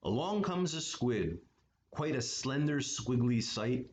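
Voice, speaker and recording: A man reading a children's picture book aloud at story time, with relaxed, chatty asides. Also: mid-range voice, slow pace. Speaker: story time reader for an art studio. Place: art studio.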